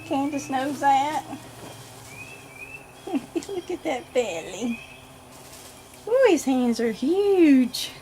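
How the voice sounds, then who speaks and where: High-voiced woman gushing slowly. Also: lively intonation, warm tone, a little hiss or hum. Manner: gushing, giggly, talks to viewers and the doll. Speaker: doll collector vlogger. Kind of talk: casual unboxing vlog. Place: home nursery. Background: birds chirping.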